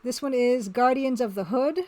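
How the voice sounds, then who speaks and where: Chatty woman streamer with a high voice. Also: normal speed, mellow. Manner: rambling, chatty, reads and answers chat, laughs often. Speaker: streamer and pixel artist. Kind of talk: casual live-stream chat.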